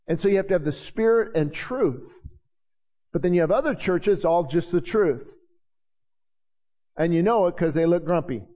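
A man's voice: sits high, animated, moderate pace, long pauses, dark tone, big-room sound, lo-fi sound. A man preaching a sermon as pastor, fervent and repeating his phrases. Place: church sanctuary.

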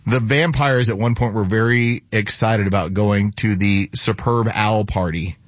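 Low-voiced chatty radio host. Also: male voice, steady tone, measured pace, no echo, lo-fi sound. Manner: chatty, amused, storytelling. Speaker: radio talk show host. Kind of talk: casual talk radio chat. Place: radio studio.

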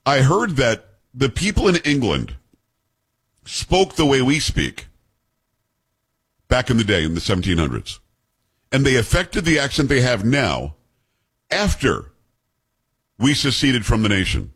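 A male radio talk show host chatting on air in an animated, joking way. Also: medium pitch, unhurried, long pauses, breathy edge. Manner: animated, joking, thinks aloud. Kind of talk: casual on-air chat.

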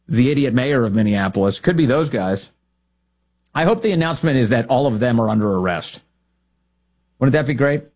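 A man's voice: medium pitch, a little mellow, husky. A man hosting an opinionated political talk show, mocking and trading insults in asides.

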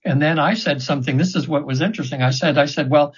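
Older guy in his 70s, kinda husky voice, higher side, rambling earnest storytelling, dull lo-fi audio. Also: quick pace. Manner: earnest, rambling, with frequent restarts. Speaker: interview guest, trance session practitioner. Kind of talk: casual storytelling in an interview.

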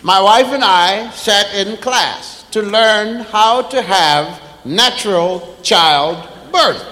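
A man doing stand-up, telling a long story slowly and acting out sounds and voices for a live audience. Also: high voice, bright, forceful tone. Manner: drawn-out, acts out sounds and voices. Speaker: stand-up comedian. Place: theater stage before a live audience. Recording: roomy live hall recording with crowd. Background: audience laughter.

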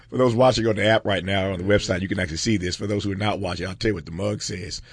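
Low-voiced male talk show host. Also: fast talker, breathy edge. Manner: reflective and emphatic, laughs often, repeats words for stress. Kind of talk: talk show commentary and interview. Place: studio desk.

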